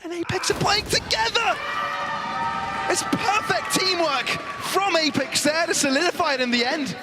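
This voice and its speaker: A man giving fast, excitable play-by-play esports commentary, rising to shouts at big plays. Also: very high-pitched, heavy background noise. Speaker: esports caster.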